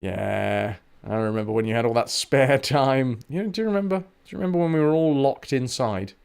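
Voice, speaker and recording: A man's voice: mid-range voice, brisk, gravelly, darkish tone, clear, resonant tone. A man chatting and joking while playing a game on stream, swearing freely. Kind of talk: casual game commentary.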